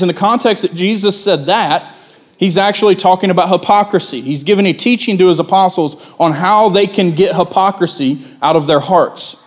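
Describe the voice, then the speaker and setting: A man in his thirties preaching as a pastor, his voice sitting a little high for a man. He talks to the congregation in a conversational way and climbs into loud, pleading outbursts as he acts out a prophet's complaint. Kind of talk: sermon.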